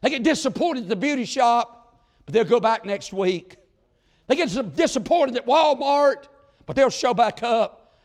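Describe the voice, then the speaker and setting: A man preaching a revival sermon in a fervent, folksy style. His delivery swings between loud exclamations and low, drawn-out asides. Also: expressive. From southern United States. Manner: folksy, plain-spoken country talk.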